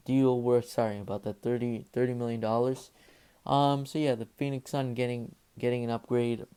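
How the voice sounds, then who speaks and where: A man's voice: mid-range voice, darkish tone, clean tone. A young man casually reading out sports news as host, hesitant with many fillers and self-corrections. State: slightly out of breath. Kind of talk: casual unscripted news rundown.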